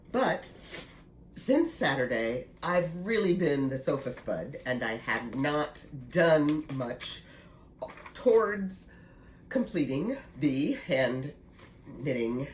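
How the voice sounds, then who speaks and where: A woman in her sixties, slightly congested, chatting casually and laughing easily in a knitting vlog. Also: low voice. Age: 60s. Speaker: knitting vlogger. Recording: echoey room with faint noise.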